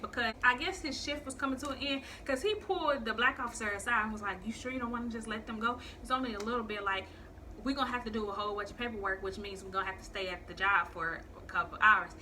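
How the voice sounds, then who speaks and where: A young woman telling a story on her vlog in a casual, profane, animated way, acting out the people she quotes. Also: on the high side, a little hiss or hum.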